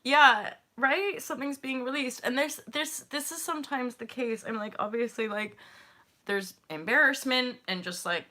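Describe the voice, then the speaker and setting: Bright-voiced woman in her thirties, expressive. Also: high-pitched, moderate pace. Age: 30s. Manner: expressive, laughing often, swearing casually. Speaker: yoga and meditation teacher, channel host. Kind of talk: emotional casual talk to camera.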